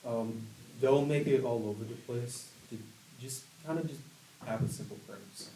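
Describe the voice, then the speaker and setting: A man's voice: medium pitch, moderate pace, mellow. A man guesting on a casual podcast, rambling with fillers. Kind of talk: casual group chat. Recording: distant echoey room, clear noise.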